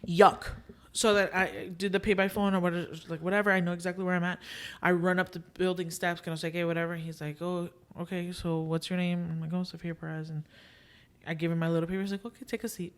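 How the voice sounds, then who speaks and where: A woman's voice: fairly low pitch, fast talker. A young woman hosting a podcast, telling a story in casual chat, acting out what people said and slipping in Spanish filler phrases. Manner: lively retelling, acting out quoted dialogue. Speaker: podcast host.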